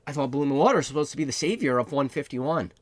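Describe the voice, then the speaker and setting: A man's voice: mid-range voice, lively intonation, fast, dry recording. A young man hosting a trading card investing channel, ranting sarcastically and firing off mocking rhetorical questions. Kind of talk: ranting monologue.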